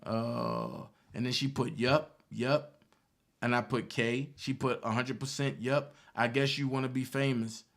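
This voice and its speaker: A man's voice: mid-range voice, animated, a little slow, vocal fry, fairly bright tone. A man from Baltimore reading out text messages and answering them with indignant, mocking commentary, repeating his points for emphasis. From Baltimore, Maryland. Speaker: online commentator.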